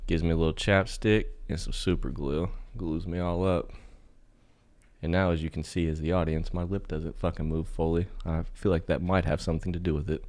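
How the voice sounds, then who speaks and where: Brisk and low-voiced, a man co-hosting a podcast rambles through a foul-mouthed anecdote in relaxed conversation. His storytelling turns animated, and he relies on "like" again and again.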